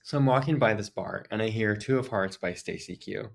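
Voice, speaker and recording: A man with a fairly low voice tells a story as a podcast host. He talks in a loose, chatty way and fills his sentences with "like" as he goes. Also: brisk, gravelly. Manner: chatty, frequent "like" fillers. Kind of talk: casual storytelling.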